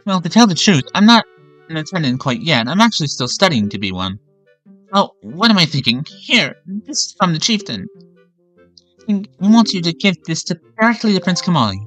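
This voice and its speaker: A man's voice: on the high side, very animated, moderate pace, fairly bright tone, soft background music, voice pushed up. A man doing a young bird-girl attendant. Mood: flustered. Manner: earnest, helpful, a little flustered. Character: young female bird-folk attendant, polite and eager.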